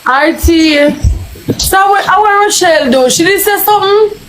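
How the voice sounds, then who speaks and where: A woman's voice: very high-pitched, animated, a little slow, noisy background. A woman with a Jamaican accent, chatting offhandedly and defensively on a live stream. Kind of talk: casual chat.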